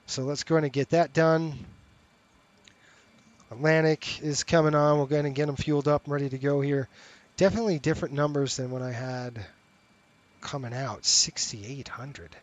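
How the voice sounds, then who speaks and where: A middle-aged man with a slightly high voice chats casually to his viewers while streaming a flight sim. He talks straight to the audience in an easy, conversational way. The sound is close and dry, with no room echo. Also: steady tone, normal speed, lo-fi sound. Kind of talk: casual live-stream chat and commentary.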